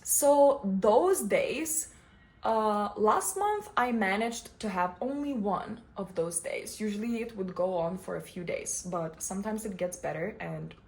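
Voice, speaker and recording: A young adult woman vlogger and coach giving casual, expressive personal talk to the camera, often breaking into laughter. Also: medium pitch, a little hiss or hum.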